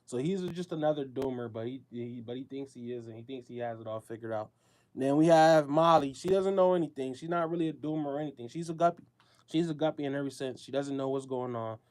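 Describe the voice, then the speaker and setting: A man's voice: a little high, a little mellow. A man hosting a show, talking in a casual, emphatic, slangy monologue with a lot of repetition.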